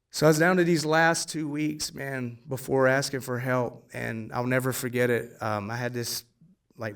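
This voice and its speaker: A man's voice: medium pitch, gravelly, a bit bright, smooth, recorded from a distance. A man in his forties on a theater stage, telling his own recovery story in a casual, blunt way, with swearing and acted-out dialogue. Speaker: guest speaker sharing a recovery story. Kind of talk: live storytelling testimony. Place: theater stage before an audience.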